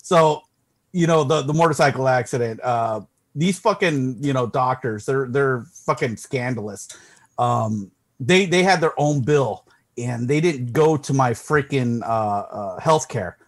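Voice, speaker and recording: A man's voice: medium pitch, measured pace. A middle-aged man, a podcast co-host, telling a sarcastic story in casual chat and swearing along the way. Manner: sarcastic, deadpan jokes, swearing.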